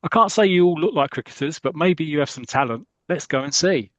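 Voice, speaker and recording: A man reading as a brisk sports master. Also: fairly high pitch, no room sound, dull audio, natural voice. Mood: dry. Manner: read aloud from a comic strip.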